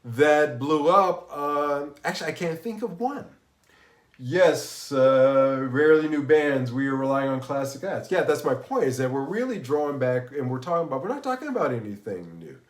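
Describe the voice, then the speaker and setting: A man's voice: fairly high pitch, expressive, normal speed, reverberant. A man hosting a casual live stream about music, rambling with many restarts, sounding unwell and tired. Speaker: livestream host.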